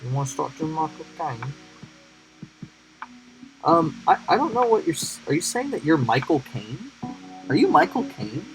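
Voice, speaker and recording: A man doing a comic impression of a gruff, touchy London drug dealer, with a put-on London accent that slips toward Australian and pushy tag questions. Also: a little high, very animated, moderate pace, long pauses, faint music behind, rough recording. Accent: put-on London accent slipping toward Australian. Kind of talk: comic impression in a live stream.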